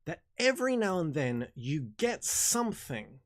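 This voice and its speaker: Male host, loose off-the-cuff delivery, frequent restarts and mild swearing, pitched a little high. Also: sing-song, measured pace. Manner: rambling, self-correcting, casual with swearing. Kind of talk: casual Q&A livestream talk.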